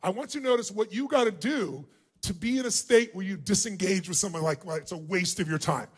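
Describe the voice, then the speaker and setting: Man, very high voice, motivational speaker, energetic, commanding, shouting to a crowd, stage mic in a large arena. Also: a little fast, husky. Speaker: motivational speaker leading a large audience exercise. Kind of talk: live seminar talk to a huge crowd.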